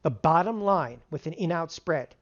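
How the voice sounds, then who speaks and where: A man teaching an online trading seminar, animated, constantly asking rhetorical questions and answering them himself. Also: on the high side, moderate pace, muffled recording. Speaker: options trading instructor. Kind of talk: energetic online seminar lecture.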